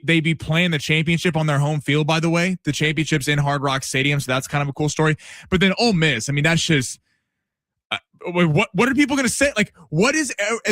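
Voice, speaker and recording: An American man co-hosting a sports radio show, relaxed and chatty, often repeating words as he talks. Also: a little high, dry recording, clean studio sound. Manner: laid-back, stumbles and repeats words. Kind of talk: casual sports radio banter. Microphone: studio broadcast mic.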